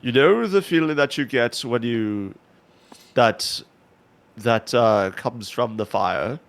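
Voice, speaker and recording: A man's voice: mid-range voice, slow pace. A man joking around as a player in a tabletop game, patiently explaining things. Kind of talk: casual tabletop play.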